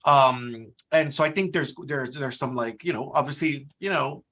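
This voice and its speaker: A middle-aged man, a career services dean, talking as a guest in a conversational interview, lively and telling stories. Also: medium pitch, normal speed. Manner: animated storyteller, mimics voices in quotes.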